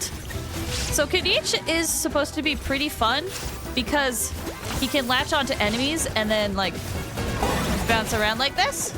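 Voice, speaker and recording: A high-pitched woman streams a video game and comments live, gushing and excitable, squealing and shouting with delight.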